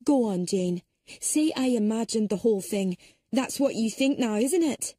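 Woman reading blunt stubborn older lady, emphatic, impatient, warm breathy voice, dry close sound. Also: a little high, animated, normal speed, dry recording, voice pushed up. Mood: indignant.

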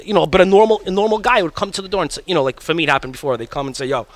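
A man casually telling a profane, animated story to friends, from Connecticut, acting out the voices of other people. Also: high voice, very fast. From Connecticut, United States. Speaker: guest poker player. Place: poker tournament venue.

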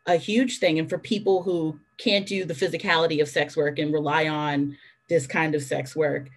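Low-voiced woman telling candid stories. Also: steady tone. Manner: candid, storytelling, brisk asides. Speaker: phone sex worker on a panel. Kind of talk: panel discussion.

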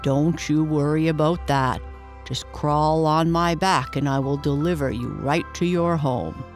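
A woman voicing a large, gentle, friendly male dog in a bedtime storybook, speaking slowly and kindly. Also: low voice, faint music behind.

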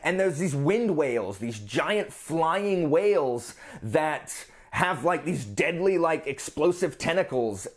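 A man giving a casual book review on his vlog, explaining in a rambling, animated way. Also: fairly high pitch, takes it slowly, hardly any pauses.

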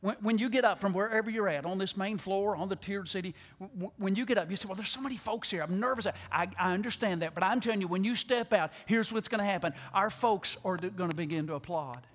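A man preaching an altar call to a large church, pleading, repeating words, and swinging from loud appeals to hushed tones. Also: high voice, fast, hardly any pauses. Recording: long church hall reverb.

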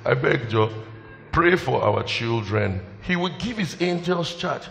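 Emotional pastor preaching. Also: male voice, medium pitch, animated, unhurried, gravelly, a bit bright. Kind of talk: sermon. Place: church hall. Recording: long hall reverb, faint music.

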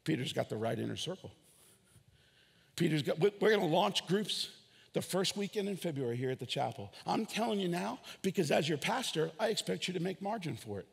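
A man preaching a sermon as pastor, animated, with shouted peaks and acted-out dialogue. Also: on the high side, fairly quick, vocal fry, breathy edge, big-room sound. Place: church hall.

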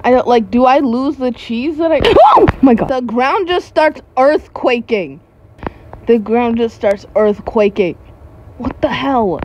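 A woman's voice: a little high, a little slow, darkish tone, muffled recording, a little hiss or hum. A woman YouTuber giving casual gameplay commentary, jumpy and giggly with frequent startled exclamations.

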